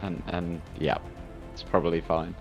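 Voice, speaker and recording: A man's voice: low voice, flat delivery, measured pace, music in the background. A man co-playing a strategy game on a stream, joking dryly, with stammered restarts. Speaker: co-player. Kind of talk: casual game chat.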